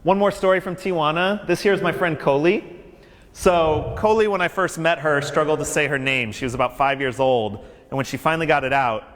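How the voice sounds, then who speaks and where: Speaking briskly in a fairly high voice, a campus minister for faith and justice tells stories and talks straight to incoming freshmen in a lively orientation speech. The recording carries the long, echoey reverb of a large hall.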